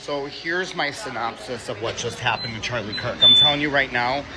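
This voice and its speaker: A man's voice: mid-range voice, moderate pace, rough recording. A man in an angry reaction vlog, ranting furiously, swearing constantly, and tripping over his words.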